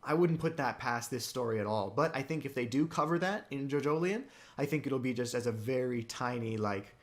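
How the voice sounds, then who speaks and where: A man co-hosting a podcast in casual chat, excited, his voice jumping up in pitch when he gets keen. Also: fairly quick. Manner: excited, with sudden upward jumps in pitch. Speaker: podcast co-host. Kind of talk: casual chat about a comic.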